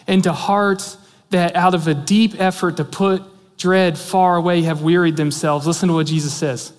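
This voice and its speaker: A man's voice: high-pitched, steady tone, normal speed. A man preaching a sermon as pastor, earnest and emphatic, asking many rhetorical questions. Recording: long reverb of a large hall.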